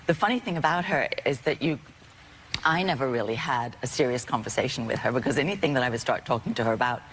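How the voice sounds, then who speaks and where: A woman's voice: rumbling low, quick pace, slight background noise, low-quality recording. A woman appearing as an actor guest on a talk show, reminiscing about a colleague.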